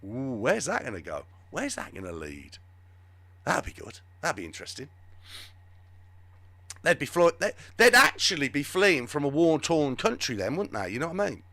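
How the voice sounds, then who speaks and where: A man hosts a live show with rambling, sarcastic commentary. His voice sits fairly high and swoops up and down a lot. The sound is close and dry, with no room echo. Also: huge pitch swings, moderate pace, pauses often, pushed and bright. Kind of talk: live political commentary chat.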